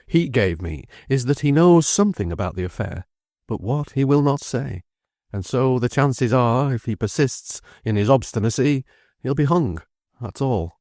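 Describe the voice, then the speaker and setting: A man voicing a brisk, decisive middle-aged defence lawyer who speaks quickly and with emphasis. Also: medium pitch, lively intonation, darkish tone, no echo, clean studio sound, pitched above the performer's own voice, lightly acted.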